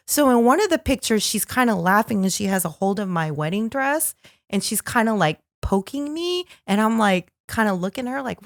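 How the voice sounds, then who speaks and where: A woman telling a story in a relaxed podcast chat, her pitch leaping up and down as she acts out what people said. The sound is close and dry, with no room around it. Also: moderate pace, no echo. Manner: animated, lively storyteller who acts out quotes. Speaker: podcast co-host.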